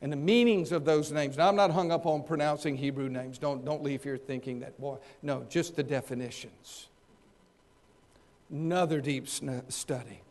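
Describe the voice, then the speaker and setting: High-voiced man preaching a dramatic sermon. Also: fairly even intonation, moderate pace. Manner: dramatic preaching, acting out voices, swinging loud and soft. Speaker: pastor.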